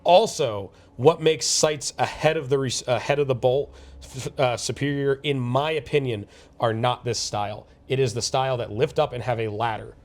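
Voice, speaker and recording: A man's voice: medium pitch, normal speed. A young man co-hosting a casual chat outdoors, giving firm opinions and often repeating words as he starts a point. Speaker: co-host. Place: outdoors at a shooting range.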